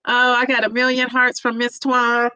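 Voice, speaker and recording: A woman's voice: fairly high pitch, monotone, moderate pace, pushed and bright, clean tone, no room sound, rough recording. A middle-aged woman livestreaming, chatting emotionally and tearfully with viewers while reading the chat, with lots of fillers. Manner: emotional, teary, many fillers. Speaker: vlogger reading live chat.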